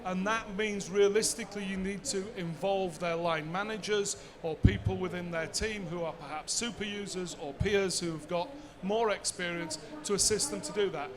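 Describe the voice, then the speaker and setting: A man's voice: high-pitched, moderate pace, few pauses, a crowd in the background. A man, giving a conversational conference talk and answering his own rhetorical questions. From Bradford, England. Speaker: seminar speaker.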